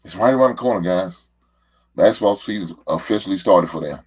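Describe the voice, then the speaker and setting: A middle-aged man with a very low voice hosts his own show. He tells stories casually and at length, and he often stumbles and repeats words as he goes. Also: brisk, slightly rough. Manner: rambling, repeats words when emotional. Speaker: podcast host, father. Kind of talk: casual heartfelt monologue.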